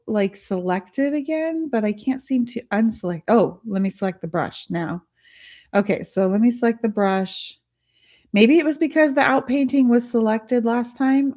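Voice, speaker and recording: In a relaxed live tutorial stream from her art studio, a woman narrates her thoughts while working on screen, chats with viewers, and laughs often. She speaks at medium pitch with a slightly mellow quality.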